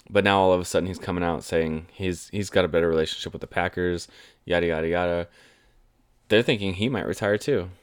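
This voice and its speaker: A man's voice: low voice, clear, resonant tone, dry recording, studio quality. A man in his twenties giving an enthusiastic, chatty fan's take on football. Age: 20s. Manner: chatty, enthusiastic fan rambling. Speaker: sports commentator. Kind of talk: casual sports talk monologue.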